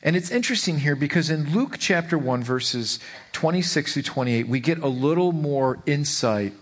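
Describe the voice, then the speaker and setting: A man's voice: fairly high pitch, lively intonation, normal speed. A middle-aged man, a pastor, preaching a conversational sermon full of personal stories and rhetorical questions, often repeating words as he goes.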